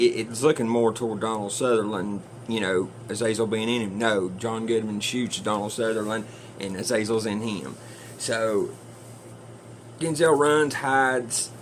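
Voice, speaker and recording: A man's voice: mid-range voice, slight background noise. A man casually retelling a movie plot in a chatty, rambling way, with some swearing. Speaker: movie reviewer.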